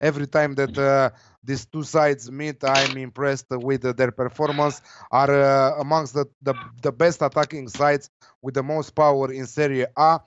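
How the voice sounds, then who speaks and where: A man's voice: mid-range voice, little pitch movement, normal speed, a little hiss or hum. A man giving football betting tips in casual chat, hesitant with many fillers. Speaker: betting tipster. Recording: dull lo-fi dry sound.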